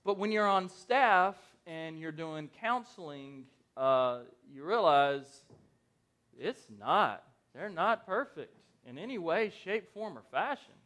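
Male pastor, thirties, high-pitched, casual and conversational sermon style. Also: slow. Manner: conversational and animated, asks the congregation questions.

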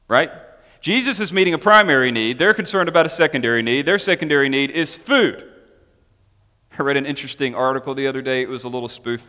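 Guy preaching a sermon, bright forceful voice, lots of emphatic questions, big reverby hall. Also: a little high. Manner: lively preaching with asides and laughs, rising emphatic questions. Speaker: pastor.

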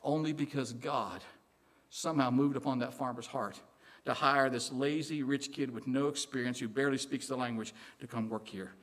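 A man from Illinois with a Southern accent, preaching a sermon in an animated, joking way, dropping quiet for emphasis. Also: mid-range voice, moderate pace. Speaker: pastor.

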